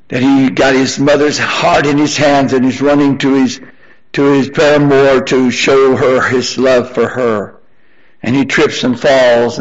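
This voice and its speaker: An older man preaching a sermon, repeating his phrases as he presses his congregation, then dropping into quieter storytelling. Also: muffled recording. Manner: rising to high-pitched emphatic exhortation, then softer storytelling.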